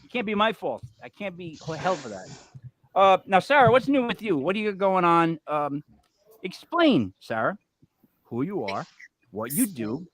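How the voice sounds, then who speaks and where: A man's voice: high-pitched, big pitch swings, normal speed, fairly bright tone, no room sound. Rambling man telling a joke. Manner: rambling joke-teller with many ums and restarts. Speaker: podcast co-host. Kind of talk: casual chat, telling a joke.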